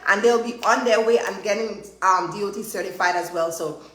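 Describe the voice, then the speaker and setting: A woman hosting a live stream as a trainer, chatty and energetic, driving her points home with repeated "okay?". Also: mid-range voice, brisk, echoey room. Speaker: host and trainer. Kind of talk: live-streamed motivational chat.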